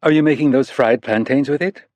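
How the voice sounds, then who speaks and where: A man voicing a lively, teasing young woman, raising his pitch for her. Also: fairly quick, no echo, close to an everyday voice. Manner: teasing, playful.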